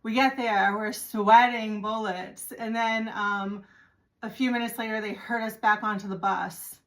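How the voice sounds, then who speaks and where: A woman from the United States talks straight to her viewers in a relaxed, chatty storytelling voice. She sounds exasperated and acts out the people she met along the way. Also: medium pitch, measured pace. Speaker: vlogger. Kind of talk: casual storytelling to camera.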